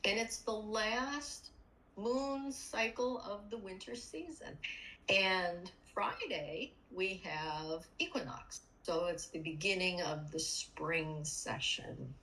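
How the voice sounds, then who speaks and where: A woman hosts a relaxed podcast chat over a video call. She talks at an unhurried, drawn-out pace and laughs easily between her sentences. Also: medium pitch, low-quality recording. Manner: slow, bubbly, laughs often. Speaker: podcast host. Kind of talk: casual chat.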